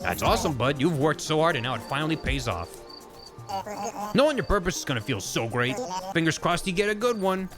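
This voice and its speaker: A man's voice: on the high side, very animated, a little fast, music in the background, pitched above the performer's own voice. A man voicing a proud, supportive gnome buddy in a video game, hearty and encouraging.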